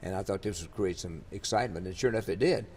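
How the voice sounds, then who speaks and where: Older man, low voice, rambling interview anecdotes, faint rumble behind. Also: fast, a little mellow. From Louisiana, USA. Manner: rambling, many fillers and restarts. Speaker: interviewee, country singer. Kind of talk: storytelling in an interview.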